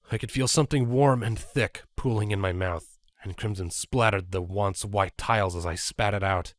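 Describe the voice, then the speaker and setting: A man reading a fan fiction story aloud with an expressive, animated delivery. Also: lowish voice, dry recording. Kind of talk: dramatic story narration.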